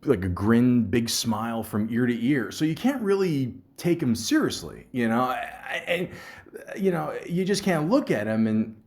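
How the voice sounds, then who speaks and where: A man's voice: mid-range voice, sing-song, normal speed, darkish tone. A man hosting a podcast, telling a story in a rambling, profane way, full of fillers. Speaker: podcast host.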